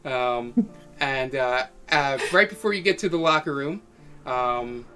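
A man narrating a tabletop game as game master, hesitant and full of pauses. His pitch sits in the middle. Soft guitar music plays faintly behind him. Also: expressive. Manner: hesitant, many ums.

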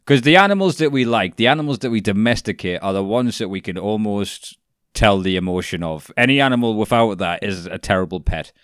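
A man chatting casually as a podcast co-host, animated and swearing freely, laughing at his own jokes. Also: fairly low pitch, fairly quick, clear, resonant tone, no echo, studio quality. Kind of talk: casual chat.

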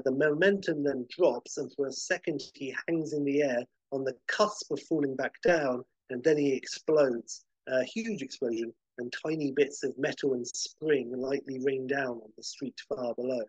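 A man hosting a podcast, casually rambling through a film pitch scene by scene with lots of fillers. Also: a little mellow, slightly rough, dry recording, rough recording. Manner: rambling, many fillers and restarts, vivid scene-by-scene description.

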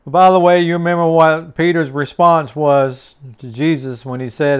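A man's voice: fairly high pitch, moderate pace, hardly any pauses, clear, resonant tone. A man hosting a short devotional sermon in a folksy, repetitive way, chuckling often. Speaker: devotional host.

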